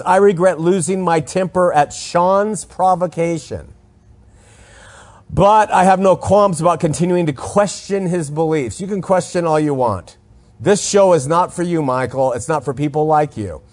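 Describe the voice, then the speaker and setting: A man's voice: medium pitch, darkish tone. A man hosting a religious call-in show, talking earnestly and arguing his point with emphasis. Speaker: radio call-in show host. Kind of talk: call-in radio talk, religious commentary.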